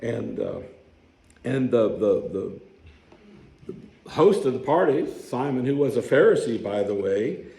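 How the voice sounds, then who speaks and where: Gravelly pastor preaching in an echoey church. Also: male voice, medium pitch, animated, takes it slowly, long pauses, mellow. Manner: conversational storytelling, asks the congregation questions. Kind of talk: sermon. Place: church sanctuary.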